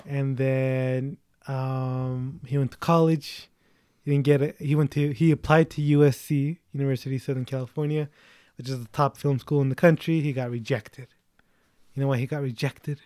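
A man's voice: mid-range voice, level tone, moderate pace, dark tone, clean tone, dry recording, clean studio sound. A young man hosting a casual chat, telling a story in a rambling way with lots of fillers.

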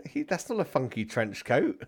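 A man running a tabletop game in a relaxed, chatty way, laughing often. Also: medium pitch, measured pace. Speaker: game master.

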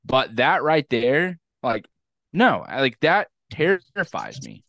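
Joking young man, animated chat. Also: medium pitch, slow, gravelly, dry recording, studio quality. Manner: joking, animated, swears for effect. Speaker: podcast co-host. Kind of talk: casual chat.

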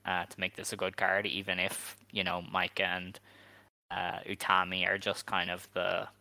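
A man's voice: low-pitched, monotone, gravelly, pushed and bright, no room sound. A man co-hosting a podcast in casual chat, opinionated and full of "like" and "um" asides. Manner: opinionated, quick asides with frequent "like" and "um". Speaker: podcast co-host.

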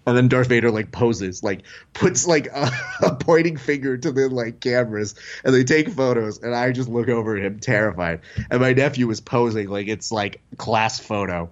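A man's voice: mid-range voice, moderate pace, highs cut off. A young adult man telling a story in casual chat, acting out the voices of the people in it. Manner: animated, acts out quoted voices. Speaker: podcast host telling a story.

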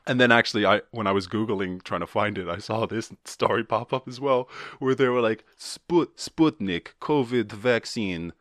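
Rambling low-voiced man on a solo podcast. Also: steady tone, normal speed, fairly bright tone, dry recording, clean studio sound. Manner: rambling, swears casually, many restarts. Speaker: podcast host.

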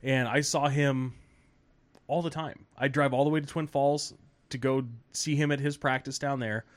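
A man in the middle of a long, rambling podcast story, swearing freely and breaking into laughs. He slips into the voices of the people he describes. His voice sits at an ordinary, middle pitch. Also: moderate pace. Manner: animated, swearing, laughing while telling stories, acting out quoted people. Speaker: podcast host. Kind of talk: casual storytelling.

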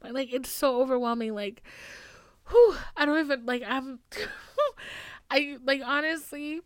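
Young woman, from the US, higher-pitched, casual confessional talk, swears a lot, dry recording. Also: dry recording. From United States. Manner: profane, rambling, fast-talking, laughs to cope. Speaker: podcast host.

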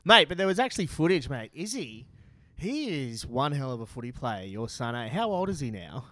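A man's voice: medium pitch, big pitch swings, moderate pace, sharp tone. An Australian man hosting a casual rugby talk show with laid-back, blokey banter. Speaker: podcast host.

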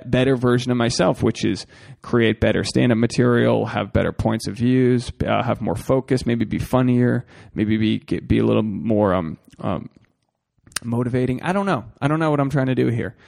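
A man's voice: on the low side, vocal fry, a little mellow. A man hosting a solo podcast, rambling and swearing freely as he talks straight to his listeners. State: a bit out of breath. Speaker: podcast host.

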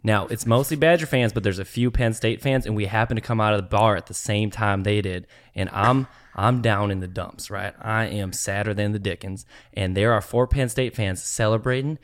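A man's voice: lowish voice, normal speed, hardly any pauses, close to an everyday voice. A man doing a drawling country storyteller. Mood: mock-serious. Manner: drawling mock-serious storytelling. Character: man telling a bar story in a put-on country accent. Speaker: podcast host.

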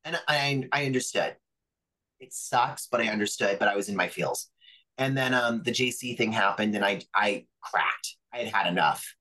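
A man's voice: lowish voice, normal speed, bright, forceful tone, rough recording. A man, a pro wrestler guest, telling stories from his career in a chatty way, full of fillers and acted-out quotes. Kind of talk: casual storytelling interview.

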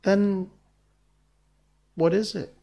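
A man's voice: high voice, steady tone, extremely slow, vocal fry, mellow, pitched above the performer's own voice, exaggerated voice. A man reading aloud, raising his voice to play an earnest, puzzled young boy. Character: boy Peter, puzzled and boyish.

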